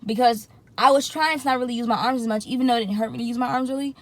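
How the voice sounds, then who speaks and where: Animated young woman telling a story. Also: fairly high pitch, very fast. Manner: animated, acts out her own reactions in quotes. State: in some pain after surgery. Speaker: vlogger. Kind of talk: casual storytime vlog.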